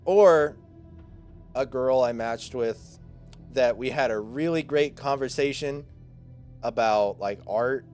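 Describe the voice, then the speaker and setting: A man's voice: medium pitch, slow, pauses often, darkish tone, soft background music. A man in his twenties, a streamer, chatting casually with his viewers and rambling through a self-deprecating story full of fillers.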